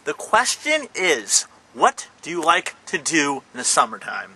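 A young man talks casually to his camera in a goofy, rambling way. His voice sits a little high and swings widely in pitch. The tone is very bright and sharp. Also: huge pitch swings, unhurried, slight background noise. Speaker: vlogger. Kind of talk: casual daily vlog.

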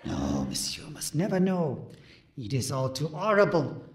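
A man's voice: a little high, wildly swooping pitch, measured pace. A man voicing a fawning French café waiter with a mock French accent, obsequious and theatrical. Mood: dramatic. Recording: roomy echo.

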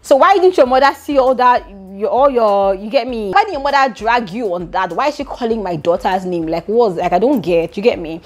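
A woman's voice: a little high, lively intonation, fairly quick, few pauses. A Nigerian woman voicing an exasperated Nigerian mother who is defending her daughter. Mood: indignant. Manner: exasperated, questioning.

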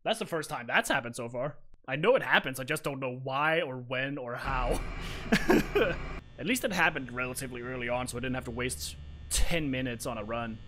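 A man's voice: mid-range voice, moderate pace, noisy background. A young man streaming a horror game live, swearing freely and bantering with his chat. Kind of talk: live gameplay commentary.

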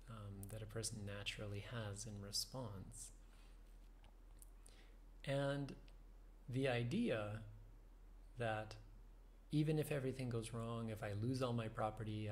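A man giving a reflective meditation talk, thoughtful and unhurried, with soft laughs and fillers. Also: on the low side, a little hiss or hum. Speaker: meditation teacher.

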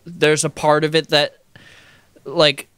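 A young man chatting on a podcast, thinking out loud and hedging with fillers and unfinished sentences. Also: fairly high pitch, little pitch movement, takes it slowly, clear, resonant tone, dry recording. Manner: thoughtful, hesitant with fillers and trailing sentences. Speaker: podcast co-host. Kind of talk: casual chat.

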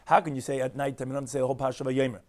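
Rapid-fire rabbi teaching Talmud. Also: male voice, medium pitch, little pitch movement, a little mellow. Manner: rapid explanatory delivery, reads and translates text line by line. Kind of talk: daily Talmud lesson.

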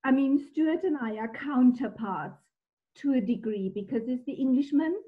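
Woman, fairly high voice, enthusiastic and descriptive, lots of ums, tinny phone-like video call audio. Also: moderate pace. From Germany. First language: German. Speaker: guest wine expert. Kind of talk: conversational video discussion.

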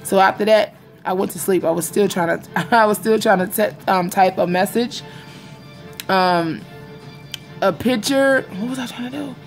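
Rambling, confiding woman with gravelly voice. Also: medium pitch, moderate pace, faint music behind. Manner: rambling and confiding, repeats herself, addresses viewers as y'all. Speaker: vlogger. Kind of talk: casual vlog chat to viewers. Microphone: phone or webcam in front of her.

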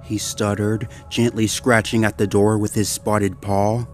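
A man reading a horror story aloud in a measured, dramatic voice-over. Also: lowish voice, flat delivery. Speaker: narrator. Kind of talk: scripted horror story narration. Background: faint background music.

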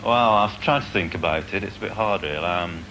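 An earnest man speaks hesitantly about trying out as a wrestler, his voice very low. The audio is an old archive documentary recording with clear background noise. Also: a little fast, pushed and bright. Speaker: novice wrestler. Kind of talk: documentary interview. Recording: noisy archive documentary sound.

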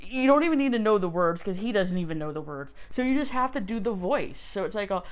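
A woman's voice: mid-range voice, expressive, fast talker, smooth. Wry woman reading an old magazine aloud. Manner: wry, self-mocking, exclaims over finds. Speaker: podcast host.

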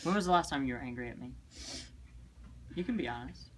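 A man's voice: medium pitch, expressive, fairly quick, a little hiss or hum. A young man guest-hosting a casual chat, joking and teasing while reading questions aloud. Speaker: guest co-host.

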